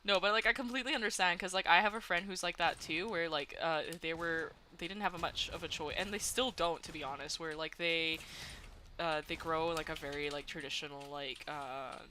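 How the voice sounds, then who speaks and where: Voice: mid-range voice, brisk, bright, forceful tone, slight background noise. A young adult streamer from Canada chatting casually while gaming, giggling often and filling talk with "like". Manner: chatty, giggly, many "like" fillers.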